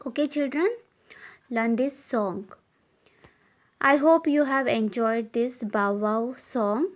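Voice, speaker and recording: A woman teacher with an Indian English accent speaks to small children in a high voice. She goes very slowly and spells each word out letter by letter. She draws her words out as she sings a simple rhyme. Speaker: primary school teacher. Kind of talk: slow spelled-out lesson and sung rhyme for young children.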